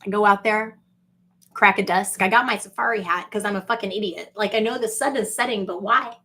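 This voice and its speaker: A woman, rambling on a livestream, swinging between gushing greetings to viewers and low confiding asides. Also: a little fast, sharp tone. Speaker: livestream vlogger.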